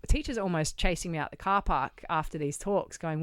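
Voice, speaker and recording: A middle-aged Australian woman with a low, smooth voice tells a story as a podcast guest. She acts out each bit of dialogue and swears casually. The sound is dry and close. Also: brisk, hardly any pauses, a bit bright, no room sound. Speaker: guest, charity founder. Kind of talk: conversational storytelling. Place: podcast studio.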